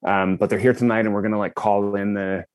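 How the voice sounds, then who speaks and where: Low-voiced guy on a podcast, chatty and excited, lots of um and like, dry close sound. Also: fast talker, clear, resonant tone, no room sound. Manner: animated, many fillers and restarts. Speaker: podcast guest, breathwork company co-founder. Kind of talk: casual storytelling.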